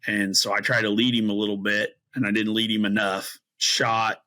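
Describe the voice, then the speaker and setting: A man's voice: lowish voice, flat delivery, normal speed, bright, forceful tone, poor audio. A middle-aged man, a guest on a podcast, telling a story casually and animatedly, acting out his own reactions between many fillers. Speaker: podcast guest, bowhunter and string maker.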